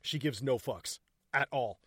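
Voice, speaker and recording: A man's voice: mid-range voice, a little slow, slightly rough, dry recording, clean studio sound. A man chatting casually about a film, swearing freely and acting out its lines. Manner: profane, animated, acts out scenes in quoted voices.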